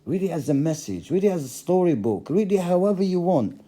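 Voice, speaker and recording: Dark-voiced, emphatic middle-aged man. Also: high-pitched, big pitch swings, brisk. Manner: emphatic, repeats phrases for stress. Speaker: religious vlogger. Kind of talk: passionate monologue to camera.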